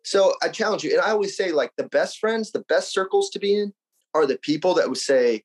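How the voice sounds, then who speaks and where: A man from Arizona, a podcast guest, talking casually with blunt, energetic, profane enthusiasm. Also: fairly high pitch, a little fast, breathy edge, rough recording. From Arizona, United States. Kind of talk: casual conversation.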